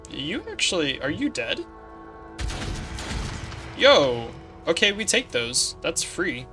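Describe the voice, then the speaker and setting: Bright and forceful, this man's fairly high voice swings widely in pitch, though he speaks slowly over soft background music. Streaming a strategy game, he walks through his tactics analytically and talks with his viewers between moves.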